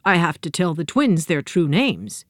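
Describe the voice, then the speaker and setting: A woman's voice: on the low side, sing-song, unhurried, no room sound, clean studio sound. A woman voicing a dignified, polite male pig with a formal, ceremonious manner in a storybook.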